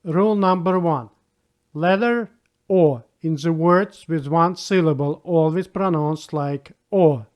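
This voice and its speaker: Slow, patient man teaching a language lesson. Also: fairly high pitch, a little mellow. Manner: patient, spells out rules and repeats example words.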